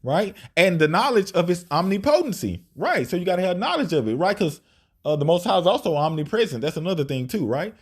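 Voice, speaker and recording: Informal preacher man, slightly high voice. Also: big pitch swings, brisk, husky. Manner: informal, repetitive "right?" tag questions, reads verses aloud. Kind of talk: scripture study sermon.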